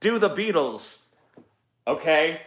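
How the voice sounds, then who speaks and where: A man's voice: on the high side, big pitch swings, slow, fairly bright tone. A man streaming casually, swearing a lot and poking fun at himself, in an echoey room. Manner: swears a lot, self-mocking, laughs often. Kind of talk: casual live stream chat.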